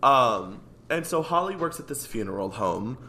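Bright-voiced man retelling scenes playfully. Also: mid-range voice, sing-song, normal speed. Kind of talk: casual podcast chat.

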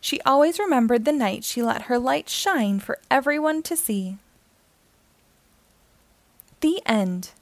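A woman reads a children's picture book aloud in a gentle, expressive storytelling manner. Her voice sits fairly high with a noticeable vocal fry. The sound is dry and close. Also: measured pace, pauses often, dry recording.

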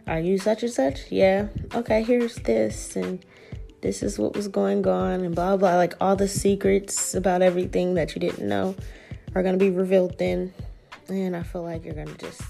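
Woman, gravelly low voice, casual swearing tarot reader, faint music underneath. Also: mellow. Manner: casual and profane, acts out quoted reactions. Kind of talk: casual spiritual reading.

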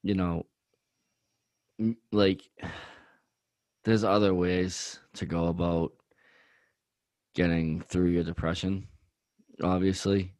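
A man's voice: low voice, little pitch movement, slow pace, long pauses, darkish tone, no echo. A man co-hosting a podcast, talking earnestly in a rambling way with many fillers. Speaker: podcast co-host. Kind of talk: casual chat.

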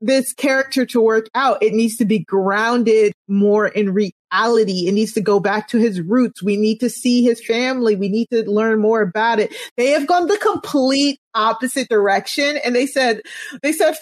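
Chatty podcast lady, a bit high voice, dry close mic, keeps restarting and laughing. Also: moderate pace, no echo. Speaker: podcast co-host. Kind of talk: casual wrestling podcast chat.

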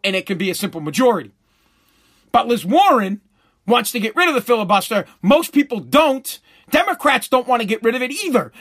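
A middle-aged man hosting a podcast, telling stories in a loose, profane monologue with frequent laughter. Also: very high voice. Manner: animated storytelling, laughs often, swears freely. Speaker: podcast host.

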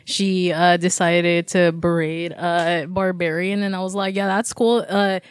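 A woman's voice: on the low side, steady tone, a little slow, clean tone, dry recording. Casual woman, dry close mic. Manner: rambling, filler-heavy, swears freely. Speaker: podcast co-host. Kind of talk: casual chat.

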